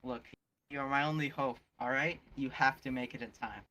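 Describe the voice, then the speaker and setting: A man voicing a stern middle-aged pizza shop boss, exasperated and scolding. He pushes a little higher than his own voice, with a bright, cutting tone. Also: fairly even intonation, brisk, natural voice, poor audio.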